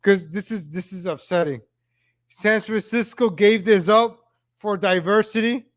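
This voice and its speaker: This is reaction commentary from a high-voiced man who keeps a measured pace as he watches old street footage. Exasperated, he rants and repeats his phrases repeatedly.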